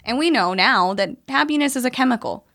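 A woman's voice: fairly high pitch, lively intonation, brisk, pushed and bright. Blunt, profane woman veteran storyteller. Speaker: veteran guest. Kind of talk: candid podcast conversation.

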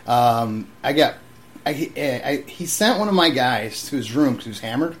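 A man's voice: mid-range voice, expressive, moderate pace, slight background noise. A young man in casual chat, profane and loose, stumbling over restarts as he tells a story. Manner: loose, profane, restarts often and acts out voices in anecdotes.

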